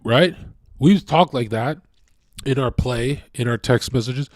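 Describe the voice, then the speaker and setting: A man chatting casually as a co-host, candid and rambling, often trailing off quietly. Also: mid-range voice, unhurried, dry recording, clean studio sound. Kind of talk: casual chat.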